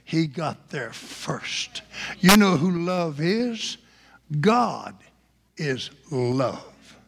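Animated storytelling preacher, gravelly man. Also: a little high, very slow. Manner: animated storytelling, bursts of shouting. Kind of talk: storytelling sermon. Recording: reverberant hall.

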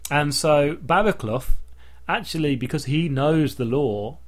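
A man's voice: on the high side, measured pace. A man hosting a casual podcast, recapping a sitcom in a rambling way. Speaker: podcast host. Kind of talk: casual chat.

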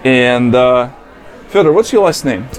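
A man's voice: mid-range voice, lively intonation. Russian-accented man hosting a podcast. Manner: halting, many fillers. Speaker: podcast host. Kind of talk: casual podcast chat. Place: soundproof booth at a conference.

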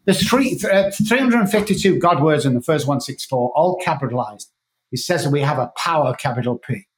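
A man with a fairly high voice tells his story with emphatic, animated energy. His voice rings in an echoey room. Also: fairly quick. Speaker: guest, addiction coach. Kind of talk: storytelling interview.

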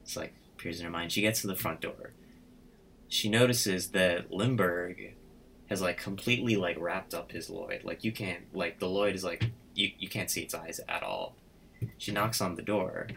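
A man's voice: low voice, lively intonation, moderate pace, creaky, a bit bright, slight background noise. A man casually retelling a story idea to friends, rambling and full of "like" as he acts out the characters' lines. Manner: rambling, full of "like" and quoted voices.

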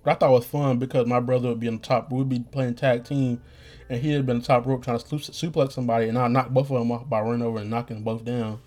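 Hoarse young man rambling on a podcast. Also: mid-range voice, steady tone, fast talker, darkish tone. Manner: slangy, profane, rambling with restarts. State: getting hoarse. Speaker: podcast host. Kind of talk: rambling casual monologue.

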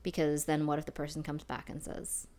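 A woman's voice: deep voice, monotone, brisk, mellow. A woman co-hosting a podcast in casual chat, chatty and self-deprecating, laughing often. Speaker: podcast co-host.

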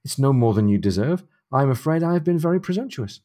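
A man's voice: mid-range voice, lively intonation, quick pace, dark tone, voice pushed up, close to an everyday voice. A man reading as a bluff naval captain. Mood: apologetic. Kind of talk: reading a novel aloud.

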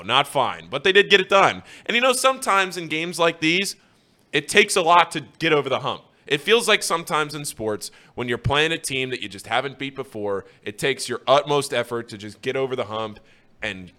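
A man co-hosting a casual sports talk show, telling stories with an excited, laughing manner. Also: mid-range voice, moderate pace. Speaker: co-host. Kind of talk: casual sports radio chat.

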